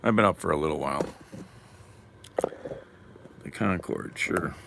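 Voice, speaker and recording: A man's voice: extremely low pitch, unhurried, creaky, heavy background noise. A man live streaming while eating lunch, chatting casually and wryly answering comments from chat.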